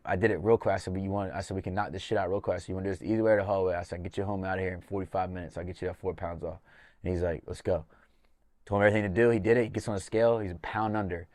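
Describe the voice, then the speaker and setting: A man with a low voice tells a loose story on a podcast, swearing freely and acting out bits of dialogue. The recording is dry and close, with no room sound. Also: no room sound. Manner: loose and profane, acts out quoted dialogue. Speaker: podcast host and fight coach.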